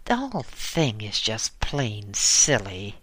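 Guy reading as a loud sneering carpenter, slow and crisp, bright tone, dry close sound. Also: fairly low pitch, huge pitch swings, no room sound, exaggerated voice, poor audio. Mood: scornful. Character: gruff male shop carpenter, scornful.

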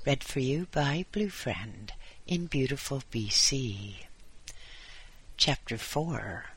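A man reading an audiobook aloud as its narrator, in a measured, deliberate way. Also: medium pitch, expressive, fairly bright tone, husky. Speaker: audiobook reader. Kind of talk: scripted narration.

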